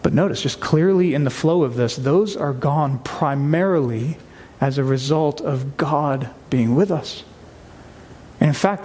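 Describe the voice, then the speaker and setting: A man's voice: on the high side, a little mellow, breathy edge, long reverb tail. A man preaching a sermon to his church, reading scripture aloud with earnest emphasis. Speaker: pastor. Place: church sanctuary.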